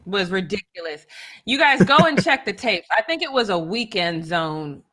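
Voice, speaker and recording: Woman, animated sports talk co-host, bright sharp voice, emphatic, pitch jumps up when arguing. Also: normal speed. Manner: animated and emphatic, swings up high when making a point.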